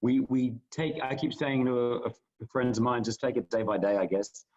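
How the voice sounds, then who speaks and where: A man's voice: mid-range voice, normal speed, a little mellow, muffled recording. A man co-hosting a podcast, talking earnestly in casual conversation and restarting his sentences often. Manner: earnest, rambling with many restarts. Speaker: podcast co-host.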